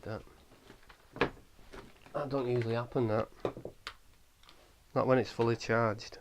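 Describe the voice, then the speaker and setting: An English-accented man leads a ghost hunt inside a small old house. He stops and restarts as he walks through his gear, then calls out politely to any spirits there. His voice sits at an ordinary, middle pitch. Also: fairly even intonation, loud music behind the voice. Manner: halting, explains equipment with many fillers, calls out politely to spirits. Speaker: paranormal investigator. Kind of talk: ghost-hunting walkthrough.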